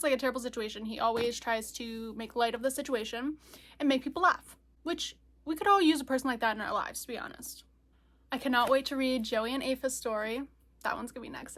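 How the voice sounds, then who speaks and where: A woman's voice: on the high side, a bit bright. A young woman chatting casually about a book she is reading, laughing often and gushing, recorded on her phone. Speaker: book vlogger. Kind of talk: casual reading vlog chat.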